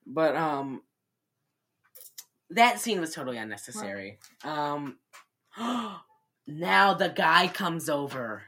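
A woman's voice: low voice, slow, pauses often. A woman co-hosting a casual chat, animatedly retelling a movie and acting out lines with giggles. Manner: animated, giggly, acts out quotes. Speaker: podcast co-host.

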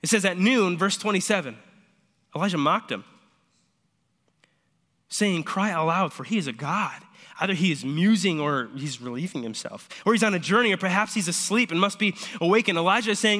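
A man preaching a sermon, retelling scripture in lively, casual everyday speech. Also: high-pitched, a little fast, big-room sound. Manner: animated storytelling, paraphrasing scripture in casual modern speech. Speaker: pastor.

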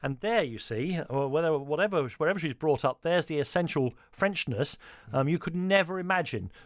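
A man's voice: fairly high pitch, animated, fairly quick, dry recording, clean studio sound. A man hosting a radio talk show, chatty and joking, with frequent fillers and restarts. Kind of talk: radio interview. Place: radio studio.

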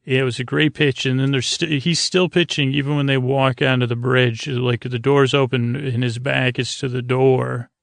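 Guy with a really gravelly voice mumbling thru a tv recap, lots of uh and like, dry close sound. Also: medium pitch, little pitch movement, no echo. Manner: halting, filler-heavy, loosely paraphrasing. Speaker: podcast host. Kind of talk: rambling episode recap for sleep.

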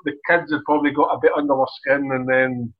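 A man's voice: medium pitch, level tone, quick pace. A Scottish man in his thirties, a podcast co-host, chatting casually and laughing easily. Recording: dull lo-fi remote line.

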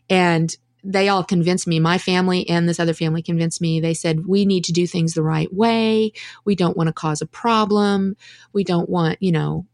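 A woman's voice: lowish voice, fairly even intonation, a little fast, dry recording, studio quality. A middle-aged woman, a podcast guest telling her story in a candid, reflective way with restarts. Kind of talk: conversational storytelling.

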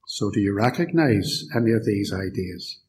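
A man's voice: lowish voice, animated, moderate pace, a little mellow, low-quality recording. A man from the United Kingdom giving a live lecture in a church, sardonic and fond of rhetorical questions. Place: church hall.

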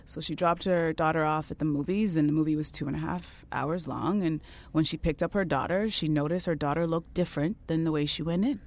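Caribbean-born woman chatting, kinda low voice, acts out everybody in her story. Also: fairly quick, a little mellow. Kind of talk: casual chat, storytelling.

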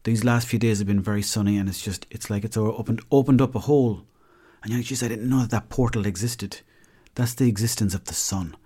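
A young Irish-accented podcast host delivers a casual comedic monologue, telling stories in a rambling, chatty way. His voice is fairly low with a dark tone and a breathy edge, and he speaks a little fast.

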